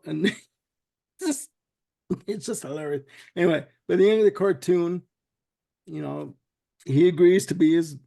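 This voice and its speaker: A man hosting a loose podcast conversation, retelling a cartoon in a rambling way full of "you know"s. His voice is on the higher side with a steady gravelly fry. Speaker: podcast host. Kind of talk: casual chat.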